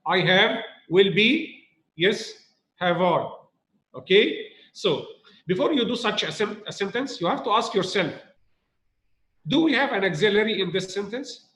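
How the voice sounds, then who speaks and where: High-voiced man teaching grammar, echoey room. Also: animated, moderate pace, a bit bright. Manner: repeats points, asks students rhetorical questions. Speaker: English teacher. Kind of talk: recorded grammar lesson.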